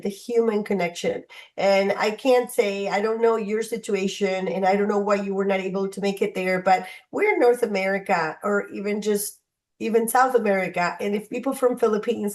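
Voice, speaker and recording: Chatty woman hosting a group call. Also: medium pitch. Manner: chatty, encouraging, addresses listeners by name. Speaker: host of a mentoring call. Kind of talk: casual motivational talk on a group call.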